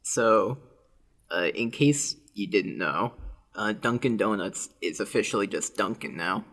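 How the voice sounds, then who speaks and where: A man's voice: lowish voice, animated, unhurried, fairly bright tone. A young man co-hosting a podcast in casual chat, rambling with lots of fillers and giggles. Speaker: podcast co-host.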